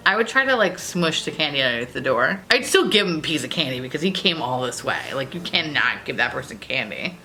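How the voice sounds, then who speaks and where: A woman in her thirties chatting casually as host, laughing through her stories and swearing freely. Her voice is bright and swings widely in pitch, with a faint hiss behind it. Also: fairly quick, hardly any pauses. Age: 30s. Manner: laughing often, swearing freely, animated storytelling. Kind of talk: casual chat.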